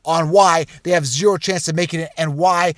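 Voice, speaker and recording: A man hosting a sports channel, talking straight to camera in an animated, conspiratorial rant full of repeated asides. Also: on the high side, normal speed, no room sound. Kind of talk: casual direct-to-camera rant.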